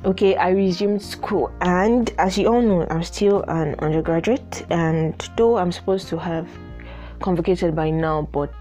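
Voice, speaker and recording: A young Nigerian woman with a Nigerian accent hosts her own podcast, chatting solo in a casual way and often using "like" as a filler. Her voice is fairly low, warm, and unhurried, with faint music playing behind her.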